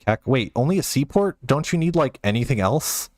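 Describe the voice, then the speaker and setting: A man's voice: medium pitch, lively intonation, normal speed, a little mellow, dry recording, studio quality. A man streaming a game live and reading chat, flustered, self-mocking and rambling.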